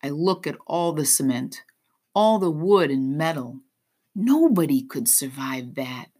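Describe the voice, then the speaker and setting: A woman reads an audiobook in a low, unhurried voice. Her delivery is expressive and melodic, rising and falling widely through each sentence. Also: husky. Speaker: audiobook narrator. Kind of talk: first-person audiobook narration.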